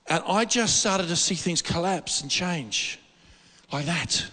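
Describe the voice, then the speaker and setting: A man preaching a sermon in a church hall, animated and repetitive, often restarting his sentences. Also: sits high, slow. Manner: animated, repetitive, excitable delivery with frequent restarts. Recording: long reverb of a hall.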